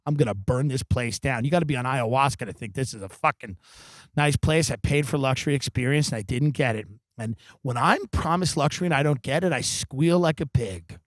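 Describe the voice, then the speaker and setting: A man's voice: mid-range voice, brisk, no room sound. A man hosting a comedy podcast, delivering a sardonic, profane rant from the backyard of a rental house. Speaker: podcast host. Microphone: studio microphone.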